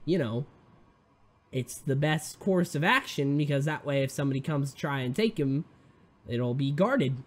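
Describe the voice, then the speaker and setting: A man voicing a group of weary adult heroes who talk down to a reckless friend in a flat, patronizing way. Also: on the high side, moderate pace, pitched below the performer's own voice. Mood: reasoning.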